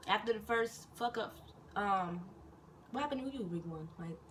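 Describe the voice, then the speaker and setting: A young woman and soldier telling stories in a casual, animated, profane and rambling chat, recorded indoors. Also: mid-range voice, moderate pace. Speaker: vlogger and soldier. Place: indoors in Korea. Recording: distant mic with faint noise.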